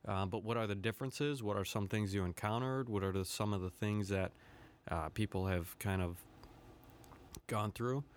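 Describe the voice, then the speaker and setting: A podcast host with a lowish male voice delivers a profane comedic rant at normal speed over slight background noise. He swears a lot, laughs, and wanders into rambling asides.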